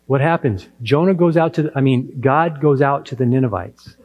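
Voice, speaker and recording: A man's voice: mid-range voice, moderate pace, muffled recording. A man preaching a sermon, retelling a parable and acting out the characters' lines. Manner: storytelling preacher who acts out the characters' quotes. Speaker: pastor.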